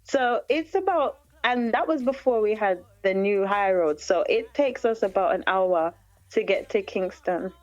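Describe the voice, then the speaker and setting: A Jamaican woman, a guest singer-songwriter, telling a story in an interview with lively energy, acting out other people's lines and laughing often. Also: medium pitch, measured pace, muffled recording.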